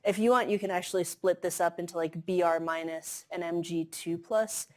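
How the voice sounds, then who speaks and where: A woman with a somewhat low voice lectures to a class in a relaxed, conversational way. She talks through the material with plenty of "um"s and "like"s, keeping it informal and approachable. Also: normal speed. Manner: casual, filler-heavy explaining with frequent "um" and "like". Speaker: chemistry lecturer. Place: lecture hall.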